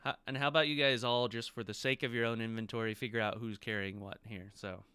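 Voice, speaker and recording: Clear-voiced man running a tabletop game. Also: on the low side, fairly even intonation, fast talker, pushed and bright, no room sound. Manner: matter-of-fact, explaining rules and items. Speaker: game master.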